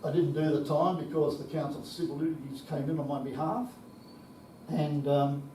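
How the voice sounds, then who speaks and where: A man's voice: fairly high pitch, fairly even intonation, moderate pace, dark tone, a little hiss or hum. A man in his seventies with an Australian accent, telling anecdotes at a conference with salty swearing and chuckles. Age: 70s. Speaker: conference speaker. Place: conference hall. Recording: echoey hall, distant mic.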